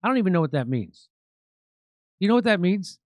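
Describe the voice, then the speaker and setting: Sarcastic, animated male commentator. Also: high-pitched, a little fast, no echo. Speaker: show host. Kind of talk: political commentary.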